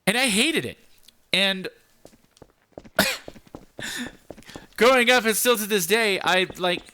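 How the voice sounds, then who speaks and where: A young man giving casual gameplay commentary, rambling with lots of fillers and keeping his voice deliberately high. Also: bright, forceful tone, a little hiss or hum. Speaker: game channel host.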